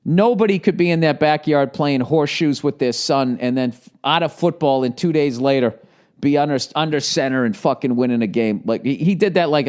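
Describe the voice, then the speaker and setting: A man in his forties with a Boston accent, hosting a casual solo podcast and rambling with lots of swearing. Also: mid-range voice. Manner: profane, rambling, slips into shouted movie-gangster impressions. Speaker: podcast host.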